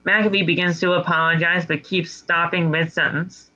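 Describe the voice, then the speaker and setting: A man co-hosting a casual podcast, recapping a wrestling show with animated storytelling and exasperated jokes. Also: on the high side, moderate pace, lo-fi sound. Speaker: podcast co-host.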